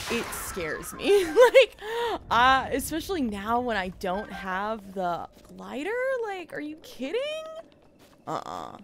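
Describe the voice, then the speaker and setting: Woman, gaming streamer, casual let's play commentary, lively swooping pitch, chatty, fillers, mild swearing. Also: noisy background.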